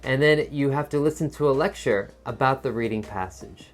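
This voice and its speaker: A man's voice: medium pitch, fairly quick, faint music behind. A man teaching a test-prep lesson in a patient, encouraging teacher voice, explaining step by step. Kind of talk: instructional video lesson.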